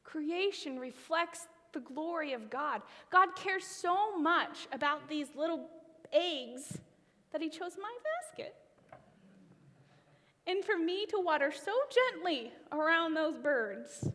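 High-voiced woman preaching in a reverberant hall. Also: slow. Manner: expressive, trailing phrase ends into a whisper. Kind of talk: sermon with a personal story.

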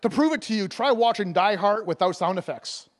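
A man with a notably high voice preaches a sermon as an evangelist. He keeps it casual and playful, laughing between points and stumbling through fillers and restarts as he goes. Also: lively intonation, brisk.

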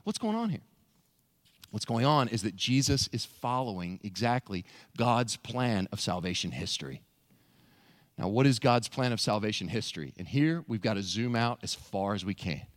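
A man preaching a sermon as pastor, animated, asking rhetorical questions and acting out voices. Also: lowish voice, normal speed, no echo. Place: church sanctuary.

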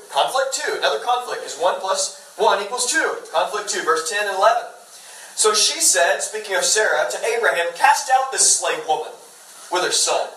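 A man in his thirties delivers a sermon in a loose, conversational way, slipping in jokes and side stories. His voice sits high and sounds forceful and bright. The mic is some distance away in an echoey room with faint ambience behind. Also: slight background noise. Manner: conversational and joking, with lots of asides. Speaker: pastor. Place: church sanctuary.

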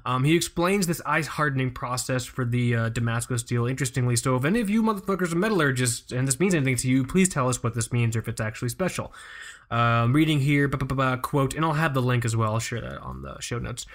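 Young male podcast host; casual, profane, lively storyteller. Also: mid-range voice, fast talker. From United States. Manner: profane, animated storytelling with laughs. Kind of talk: casual chat.

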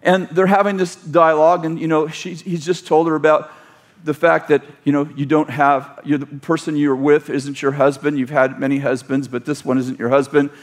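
High-voiced male preacher, rambling. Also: level tone, normal speed. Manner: rambling, self-correcting, leads the congregation in call-and-response. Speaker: pastor. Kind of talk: sermon.

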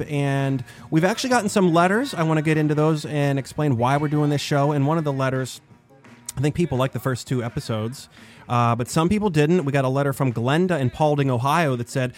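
A man's voice: fairly high pitch, normal speed, a little mellow, soft background music. A middle-aged man from the Pittsburgh area hosting a podcast, chatting casually and rambling in a self-deprecating way with fillers. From Pittsburgh area, USA. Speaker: podcast host.

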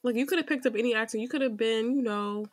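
A woman co-hosting a podcast in casual roundtable chat, talking in an animated, emphatic way and drawing out her stressed words. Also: a little high, fast talker, dry recording, faint music behind. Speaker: podcast co-host.

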